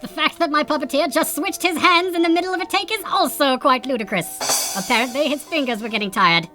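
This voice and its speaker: A man voicing a pompous puppet word expert who hosts a comedy segment, sarcastic and quick to indignant rants. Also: very high-pitched, pushed and bright, soft background music, full character voice. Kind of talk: sketch comedy monologue.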